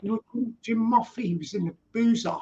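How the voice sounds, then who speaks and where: A man with a London accent hosting a casual live-stream chat, laughing often and chatting warmly with callers. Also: high voice, fairly quick, highs cut off, over a noisy crowd.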